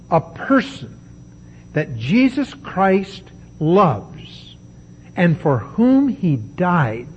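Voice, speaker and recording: A man preaching a sermon, emphatic and deliberate, with dramatic pauses. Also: on the high side, dull audio, a little hiss or hum.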